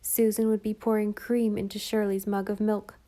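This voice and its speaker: A woman narrating a storybook in a calm, even way. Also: mid-range voice, moderate pace. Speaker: audiobook narrator.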